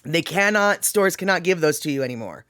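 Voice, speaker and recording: A woman's voice: fairly low pitch, animated, a little fast, fairly bright tone, no room sound, studio quality. A woman hosting a casual livestream, reading viewer comments aloud and chatting with frequent laughs and rambling asides. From Pacific Northwest, US. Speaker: livestream host.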